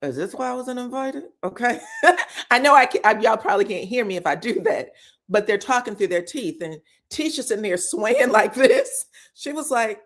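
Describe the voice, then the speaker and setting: A woman with a voice on the high side recaps reality TV drama at a moderate pace, telling the story with lots of energy. Swearing freely, she performs others' lines and keeps dropping "you know what I'm saying".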